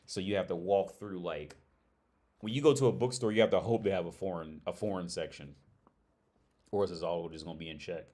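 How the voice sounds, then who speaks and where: A man's voice: sits low, a little fast, mellow. A man hosting a casual livestream chat, rambling and restarting his phrases as he talks to viewers. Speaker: livestream host. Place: living abroad in Prague.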